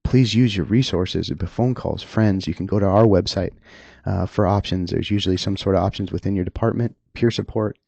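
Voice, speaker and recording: A middle-aged man, a police officer, talking earnestly and emotionally about the job, halting and restarting at times. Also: deep voice, creaky, dark tone, slightly rough, dry recording. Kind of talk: candid personal talk.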